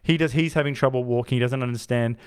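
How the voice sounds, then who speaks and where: A man's voice: medium pitch, steady tone, quick pace, clean tone. A man co-hosting a film podcast, rambling casually with frequent restarts and laughs. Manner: rambling, self-interrupting, laughs often. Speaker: podcast co-host. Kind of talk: casual film review chat.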